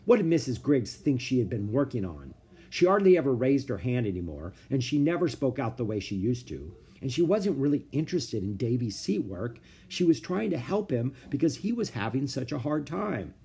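Husky male children's-book reader. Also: mid-range voice, normal speed. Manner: expressive storytelling. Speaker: narrator. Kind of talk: reading a children's book aloud.

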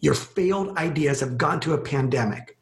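A man's voice: a little high, moderate pace. A man from Los Angeles, a podcast guest, telling a story in a conversational way and acting out what people said. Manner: animated storyteller, acts out quoted speech. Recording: echoey room.

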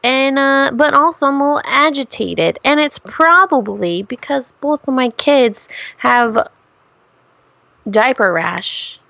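High, gravelly young woman rambling. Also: expressive, slow pace, bright, forceful tone, no echo. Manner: rambling, profane storytelling with many restarts. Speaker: podcast co-host. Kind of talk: casual chat.

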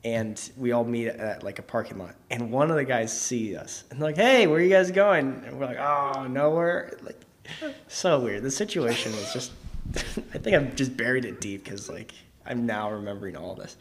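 A man's voice: mid-range voice, normal speed. A young man co-hosting a podcast, telling a long story in a casual, rambling way, full of fillers and laughs. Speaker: podcast co-host.

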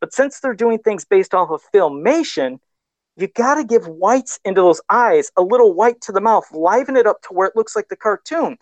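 A man's voice: sits high, animated, moderate pace, no room sound, muffled recording. A man co-hosting a casual live stream about toys, talking in a rambling, chatty way full of fillers. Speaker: co-host of a toy-collecting live show.

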